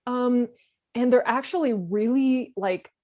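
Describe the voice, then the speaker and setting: A young woman on a podcast, telling a story in casual chat and acting out other people's lines in animated bursts. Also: fairly high pitch, takes it slowly, muffled recording. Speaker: podcast guest.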